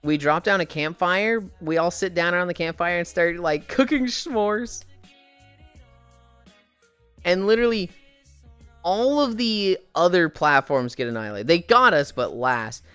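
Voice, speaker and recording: A woman streamer chatting casually while walking on a treadmill, telling animated, profane stories and sounding tired. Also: fairly low pitch, moderate pace, clear, resonant tone, no echo, faint music behind.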